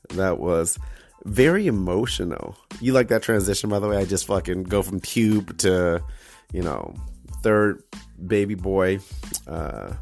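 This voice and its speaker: A man's voice: on the low side, gravelly. A man, hosting a casual solo podcast with rambling, crude jokes and frequent restarts. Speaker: podcast host.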